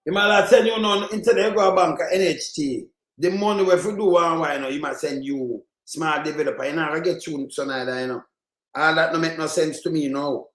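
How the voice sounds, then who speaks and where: A man's voice: a little high, fairly quick, fairly bright tone, roomy sound, poor audio. A man with a Jamaican accent giving heated political commentary, mixing in patois. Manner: heated, ranting, mixes patois.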